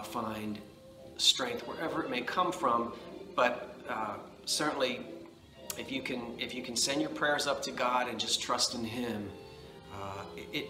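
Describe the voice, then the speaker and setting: A man's voice: medium pitch, reverberant. A man from New Jersey with a New Jersey accent, chatting casually to camera from his living room. He rambles with folksy asides and sounds a bit nasal from allergies. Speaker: vlogger, antiques seller.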